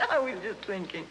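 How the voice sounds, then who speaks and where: A bubbly, wisecracking young wife. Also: female voice, sits high, pushed and bright, exaggerated voice. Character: playful, teasing young newlywed wife. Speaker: sitcom lead. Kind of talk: 1950s live TV sitcom acting. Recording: hissy, roomy 1950s TV soundtrack.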